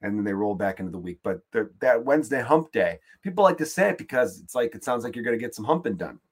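A man's voice: mid-range voice, sing-song, quick pace, breathy edge. A man hosting his own podcast, rambling through a casual comedic monologue and swearing freely. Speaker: podcast host.

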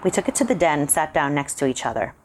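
A woman reading a spooky short story aloud, calmly narrating in the first person. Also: sits low, quick pace, a little hiss or hum.

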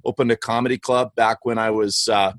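A man from Western Canada, a guest author telling lively, slangy stories in a casual interview. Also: medium pitch, a little fast, dry recording. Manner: animated, slangy, says "bro" and "man". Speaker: guest, author and former comedian.

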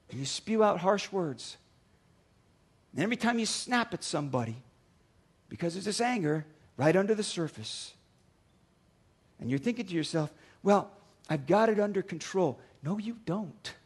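A man preaching a sermon as a pastor, swinging from quiet reflection to loud acted-out dialogue. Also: high voice, sing-song, moderate pace, pauses often, slightly rough. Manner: dynamic preaching, acts out dialogues with rising volume.

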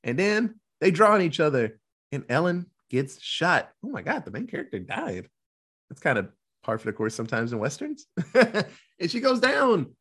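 Male co-host, casual film recap, expressive and husky, slips into character voices. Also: a little high. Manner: animated storytelling, quick voice switches for characters, laughs often. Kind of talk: casual movie recap chat.

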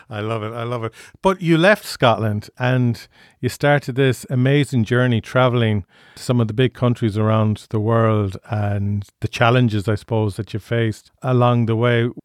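A man's voice: medium pitch, fairly even intonation, unhurried, dry recording, clean studio sound. A man hosting a podcast and interviewing a guest in a friendly way, laughing along with him. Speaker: podcast host.

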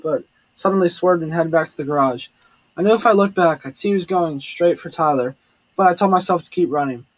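A man reading a first-person story aloud, steady with occasional slips and restarts. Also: fairly high pitch, no echo. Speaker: audiobook narrator. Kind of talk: first-person audiobook narration.

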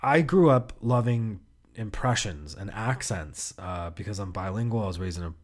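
A man from the United States hosting a podcast, telling casual stories with loud bursts, quick asides and swearing. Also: on the low side, expressive. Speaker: podcast host. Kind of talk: casual storytelling monologue.

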